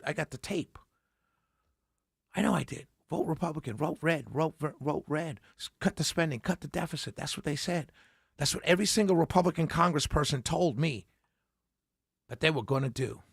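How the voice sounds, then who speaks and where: A man hosting a talk radio show, ranting passionately and sarcastically, often raising his voice to a yell, close on the microphone. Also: a little high, gravelly, husky, dry recording. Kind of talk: political talk radio rant. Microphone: close studio mic.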